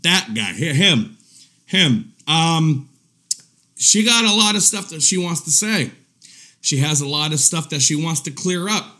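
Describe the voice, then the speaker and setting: Crude, mocking male streamer with lively pitch. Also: unhurried. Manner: mocking, crude, laughs at his own jabs; swings between low mutter and loud indignant ranting. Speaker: live-stream host. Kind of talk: profane commentary stream.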